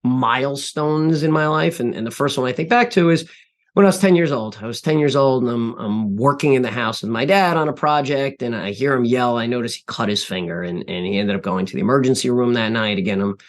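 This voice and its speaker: Earnest man telling life lessons. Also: medium pitch. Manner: earnest, reflective, pauses and restarts. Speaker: podcast guest, CEO and author. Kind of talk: interview storytelling.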